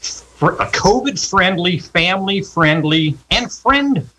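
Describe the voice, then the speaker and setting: A man's voice: high voice, lively intonation, slow pace, bright, forceful tone, poor audio. A man, a recreation specialist speaking as a radio guest from home, friendly and explanatory with many you-knows. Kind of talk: casual radio interview.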